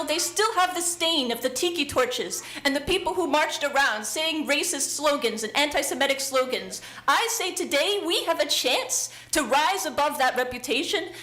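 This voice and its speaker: A woman's voice: sits high, fairly bright tone. Earnest woman speaking at a council meeting. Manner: earnest, emotional, hesitant fillers. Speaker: public commenter. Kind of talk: public comment speech. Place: city council chamber. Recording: echoey council chamber.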